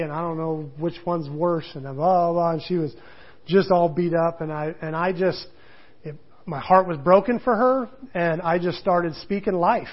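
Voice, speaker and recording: High-voiced male pastor, muffled recording. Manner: rambling, animated, many restarts. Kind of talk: sermon storytelling.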